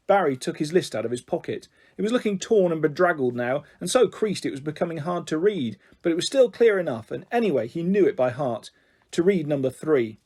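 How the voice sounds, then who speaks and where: A man reading a children's book aloud, expressive and animated. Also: fairly high pitch, fairly quick, breathy edge. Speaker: narrator. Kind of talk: audiobook reading.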